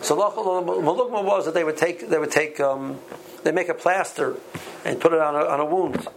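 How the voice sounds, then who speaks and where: A man teaching a Talmud class, speaking haltingly with many repeated words and ums. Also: a little high, gravelly, a little hiss or hum, low-quality recording. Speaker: Torah teacher.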